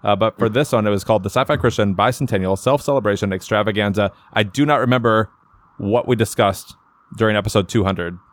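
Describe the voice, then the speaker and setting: A low-voiced man hosts a relaxed podcast chat. He rambles through his thoughts and often corrects himself mid-sentence. The sound is close and dry, with no room around him. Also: fast, no echo. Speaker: podcast host. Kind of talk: casual chat.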